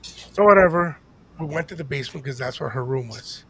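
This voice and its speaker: A man's voice: a little high, brisk. An older man telling a story in casual chat on a podcast, acting out the voices of the people in it. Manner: animated storyteller acting out quotes. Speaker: podcast co-host.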